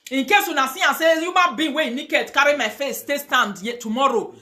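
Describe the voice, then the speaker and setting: A woman's voice: high-pitched, a little fast, pushed and bright. A woman with a Nigerian accent ranting on a live video, mixing pidgin, chanting curses and prayers with fire. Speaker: online video host.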